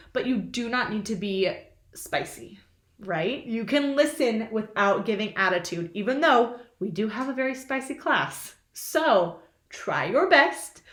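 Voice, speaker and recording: A fairly high-voiced young woman teaching little kids from home, spelling out each sentence slowly and now and then dropping into a playful silly voice. Her voice rings around an echoey room. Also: a bit bright. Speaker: kindergarten teacher. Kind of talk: remote lesson to young children.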